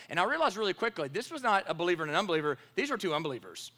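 A man's voice: high voice, sing-song, fast, pushed and bright. A man, a pastor preaching a sermon and telling a personal story, acting out the dialogue with animation.

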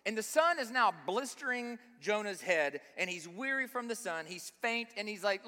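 A man's voice: very high-pitched, animated, moderate pace, few pauses, pushed and bright. A man preaching a sermon, speaking emphatically and often putting rhetorical questions to his listeners. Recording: long reverb of a large hall.

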